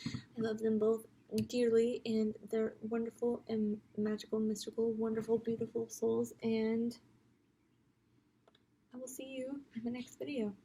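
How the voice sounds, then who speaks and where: A woman's voice: on the high side, mellow, slightly rough. A young woman chatting casually through a makeup tutorial at home, giggling often and slipping into whispers. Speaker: makeup vlogger.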